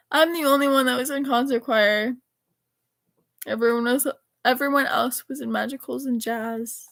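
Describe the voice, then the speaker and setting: A teenage girl vlogger with a fairly high voice chats casually while reading old text messages aloud, rambling and correcting herself along the way. There's no room sound.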